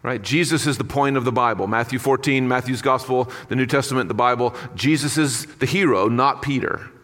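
A man's voice: mid-range voice, fairly quick, fairly bright tone, in a large hall. A man preaching a sermon in an earnest, conversational way with casual asides. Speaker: pastor.

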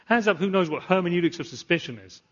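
A pastor preaching a sermon, animated, repeating phrases and asking the congregation questions. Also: male voice, high voice, fast talker, dull audio. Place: church.

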